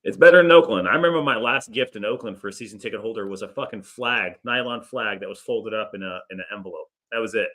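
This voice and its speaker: A man's voice: lowish voice, quick pace, few pauses, pushed and bright. A man co-hosting a casual sports podcast, laid-back and profane, often laughing through his stories.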